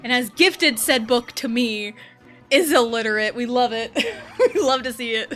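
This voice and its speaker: With faint game music in the background, a young woman streams a video game and chats casually, giggling and poking fun at herself. Her voice is fairly high and a little slow, with a fairly bright tone.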